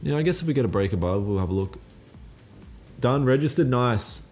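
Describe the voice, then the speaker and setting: A man's voice: mid-range voice, animated, brisk, a little mellow, soft background music. A man hosting a live trading stream, answering viewer comments in a laid-back, slangy, blunt way and swearing now and then. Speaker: trading livestream host.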